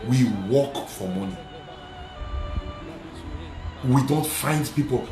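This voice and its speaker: A man who is a Nigerian Catholic priest, preaching emphatically and repeating lines, slipping into pidgin and shouting at the peaks. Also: mid-range voice, animated, a little slow, long pauses, echoey room, over music. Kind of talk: preaching sermon. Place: studio.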